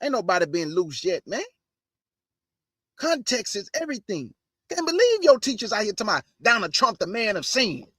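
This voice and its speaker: Fired-up high-voiced man preaching. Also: very animated, normal speed, sharp tone, husky, no room sound, studio quality. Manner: fired up, emphatic, repeats points, addresses listeners as family and y'all; casual slangy delivery with rhetorical questions. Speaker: online show host and preacher. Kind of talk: fiery preaching to an online audience.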